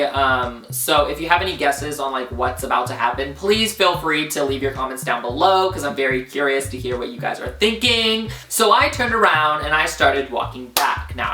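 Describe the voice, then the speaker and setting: A man's voice: fairly high pitch, recorded from a distance. A young man around twenty telling a dramatic story time on his vlog, full of "like" fillers. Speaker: vlogger. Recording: roomy echo, off-mic, faint music.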